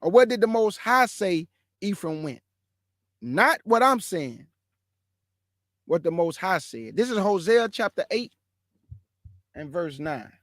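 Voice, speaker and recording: A man's voice: high voice, big pitch swings, takes it slowly, pauses often, fairly bright tone, no room sound, clean studio sound. A man hosting a livestream, speaking in a brash, mocking way and repeating lines for emphasis. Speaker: host of a livestream show. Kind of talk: livestream commentary and preaching.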